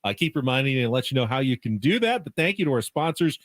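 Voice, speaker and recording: A male sports radio co-host, relaxed and matter-of-fact, chatting and reading sponsor plugs in a studio. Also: medium pitch, fast talker, dry recording. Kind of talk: radio chat and sponsor reads.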